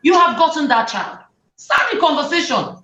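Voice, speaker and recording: A woman, hosting a talk show and giving lively advice to parents, often acting out what parents and children say. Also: sits high, moderate pace. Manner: animated, acts out parents' and children's lines. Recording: roomy, distant, dull sound.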